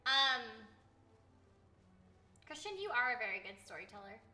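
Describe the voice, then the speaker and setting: Woman, stream host, bubbly, high and sharply bright, roomy echo. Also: big pitch swings, normal speed. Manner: bubbly, reads chat aloud. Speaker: streamer and voice actor. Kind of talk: casual livestream chat. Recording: echoey room.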